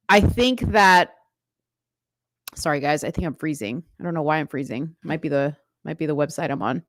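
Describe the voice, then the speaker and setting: Reading the news aloud on her livestream, this host speaks at a moderate pace in a low-sitting voice, recorded dry. She's chatty, uses many fillers, and addresses her viewers directly as she responds to the live chat.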